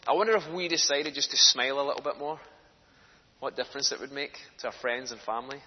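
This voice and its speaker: A man's voice: medium pitch, fast. Earnest man preaching in echoey hall. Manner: earnest, storytelling, rising to passionate emphasis. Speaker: speaker for a children's charity preaching in church. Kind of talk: sermon. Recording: echoey hall, dull lo-fi sound, faint noise.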